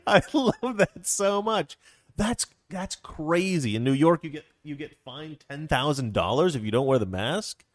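Animated, laughing man rambling on a livestream. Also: a little high, a little slow, no echo, studio quality. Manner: animated, rambling storyteller who laughs often. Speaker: livestream host. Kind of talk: casual chat reading viewer comments.

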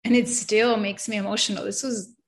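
A woman's voice: medium pitch, level tone, a little fast. A woman in her thirties sharing an emotional faith testimony in an earnest, heartfelt way, full of fillers.

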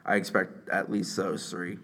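A man co-hosting a casual sports podcast, giving measured, matter-of-fact analysis of players and recruiting. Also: deep voice, little pitch movement, sharp tone. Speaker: co-host, sports reporter.

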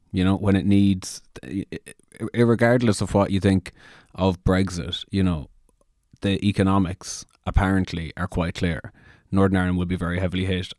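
Deep-voiced male co-host, thoughtful. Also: darkish tone, dry recording, clean studio sound. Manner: thoughtful, restarts often.

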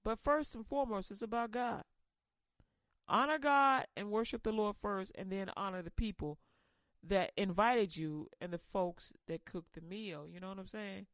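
A woman preaching a casual sermon in slang, animated and quick to laugh. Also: medium pitch, no echo.

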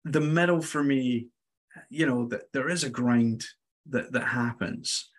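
A man talking as a guest in a casual podcast interview, telling stories in an animated, self-deprecating way. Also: mid-range voice, unhurried, breathy edge.

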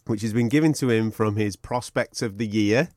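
A man's voice: on the low side, normal speed, a little mellow, dry recording, clean studio sound. A man hosting a boxing podcast, cheeky and teasing, swearing freely in casual banter. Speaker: podcast host.

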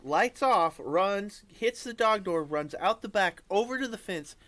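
Profane animated man telling stories. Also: high voice, unhurried. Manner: profane, animated storyteller acting out quotes. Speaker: podcast co-host. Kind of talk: casual chat.

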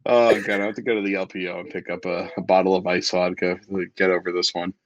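A man's voice: sits low, flat delivery, fast. A man co-hosting a sports podcast, making dry wisecracking asides in casual chat. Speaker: podcast co-host.

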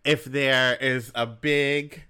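A man's voice: mid-range voice, fairly even intonation, drawn-out words, sharp tone, clean tone. A man co-hosting a podcast in casual chat, rambling and laughing often as he talks. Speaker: podcast co-host.

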